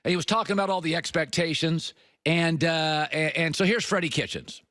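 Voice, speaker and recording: A middle-aged man hosting a sports talk show, delivering an opinionated monologue with emphatic swings between punchy high lines and low, confiding asides. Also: brisk, bright, forceful tone, dry recording, studio quality.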